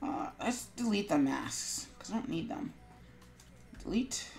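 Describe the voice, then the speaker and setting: A woman's voice: medium pitch, lively intonation, measured pace, gravelly, a little mellow, soft background music. A woman streamer chatting casually to viewers while she works on an animation, rambling with lots of fillers and mumbling to herself.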